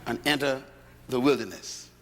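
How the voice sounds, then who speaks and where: A man with a Bahamian accent preaching a sermon to a congregation, telling stories with rising shouts. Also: medium pitch, normal speed, long reverb tail, slight background noise. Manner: animated storytelling, rising to shouts. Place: large hall before a congregation.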